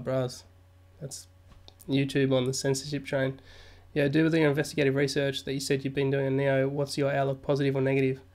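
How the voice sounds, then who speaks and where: Chatty man on a live stream. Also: mid-range voice. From Australia. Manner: jokey, chatty, reads news aloud then riffs. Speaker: crypto livestream host. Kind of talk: casual live stream chat. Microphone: new studio mic.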